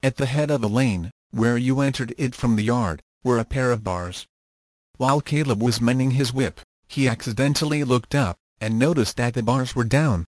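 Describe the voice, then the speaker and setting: A man narrating a children's story in a steady, measured reading voice. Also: medium pitch, no echo.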